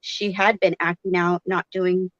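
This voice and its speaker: A woman's voice: fairly low pitch, little pitch movement, measured pace, a bit bright, dry recording, muffled recording. A woman guest telling her own story with frequent hesitations and fillers.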